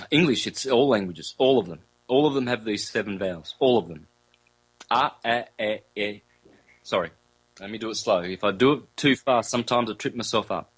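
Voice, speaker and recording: A man with a fairly low voice holds forth as an interview guest. He explains in a relaxed, rambling way, circling back to repeat phrases. He slows down to sound out single vowels, with casual fillers and self-corrections along the way. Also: breathy edge, poor audio.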